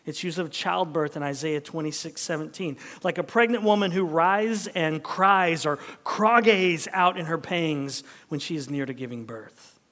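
A man preaching a sermon as pastor, animated, at times dropping to a hushed whisper. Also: a little high, a little slow, few pauses, long reverb tail.

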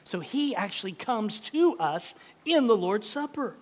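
A man's voice: high voice, very animated, a little slow. Preaching man in a reverberant hall. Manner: swings from loud urgent appeals to hushed, near-whispered prayer. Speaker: pastor. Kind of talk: sermon before communion. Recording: long reverb of a large hall.

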